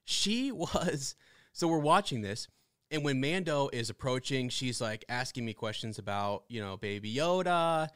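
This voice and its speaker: A man co-hosting a podcast, telling stories with excited, animated energy and frequent restarts. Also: medium pitch, measured pace, smooth, dry recording, clean studio sound. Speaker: podcast co-host. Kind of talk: casual fan discussion.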